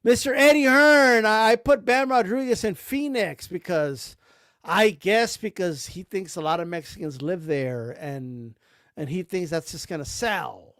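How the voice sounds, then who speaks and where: A man's voice: high voice, unhurried, fairly bright tone, no echo, studio quality. A man streaming about boxing, ranting sarcastically with profanity and repeated rhetorical questions. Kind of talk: heated rant.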